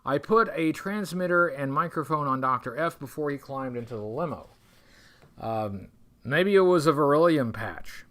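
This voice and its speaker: A man hosting a long livestream, reading an adventure gamebook aloud. He drifts off into wry, rambling asides and catches himself mid-sentence, in a slightly high voice. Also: lively intonation, moderate pace, fairly bright tone. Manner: wry, rambling, self-interrupting. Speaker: livestream host.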